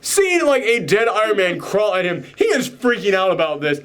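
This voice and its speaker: A man's voice: sits high, very animated, fairly bright tone, clean tone. Enthusiastic man recapping a movie. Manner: enthusiastic, rambling, acts out scenes in quick voices. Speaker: podcast host. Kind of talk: casual movie reaction chat.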